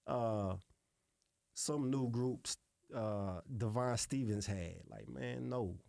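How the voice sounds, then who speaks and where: A middle-aged man, a music producer being interviewed, telling stories in a relaxed, salty way and often adding "you know what I'm saying". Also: medium pitch, slow pace, vocal fry, no room sound, clean studio sound. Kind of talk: casual interview storytelling.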